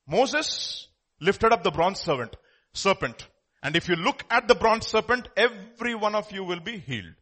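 Male preacher, high bright voice, emphatic, loud bursts then low asides. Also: husky. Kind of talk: sermon.

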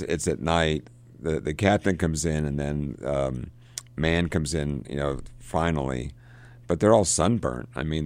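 A man discussing a novel in casual talk, halting with many restarts and fillers, now and then reading passages aloud. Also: extremely low pitch, gravelly, darkish tone. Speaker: literature discussant.

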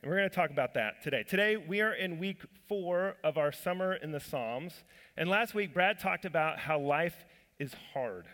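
A man's voice: on the high side, animated, moderate pace, fairly bright tone. A man, a church elder, giving a sermon in a casual storytelling way, self-deprecating, with fillers and restarts. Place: church sanctuary. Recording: long hall reverb.

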